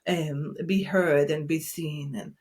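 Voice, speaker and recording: A woman therapist speaking in a gentle, soothing, unhurried way during a reflective conversation. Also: deep voice, steady tone.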